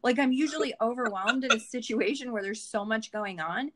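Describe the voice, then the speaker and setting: A woman's voice: fairly high pitch, a little fast, fairly bright tone. A woman guest in a casual podcast interview, telling personal stories in a candid, reflective way.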